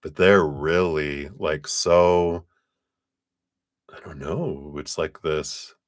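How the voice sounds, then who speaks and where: A man with a very deep voice gives a casual live tarot reading at an easy, unhurried pace. He talks in loose, trailing phrases and laughs often. The sound is dry and close. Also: fairly even intonation, no room sound. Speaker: tarot reader on a live stream.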